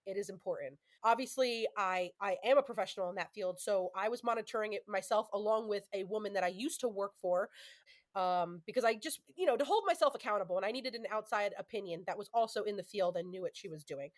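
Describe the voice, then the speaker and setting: A woman's voice: medium pitch, a little fast. A woman in her thirties hosting a podcast, talking candidly and casually with lots of fillers. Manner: chatty, candid, frequent fillers. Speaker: podcast host. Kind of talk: casual chat.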